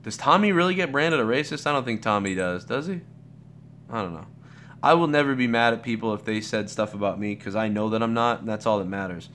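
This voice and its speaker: A man's voice: lowish voice, expressive, a little fast, fairly bright tone, slight background noise. A man hosting a live Q&A stream, talking casually in a rambling, profane way with many restarts and fillers. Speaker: livestream host.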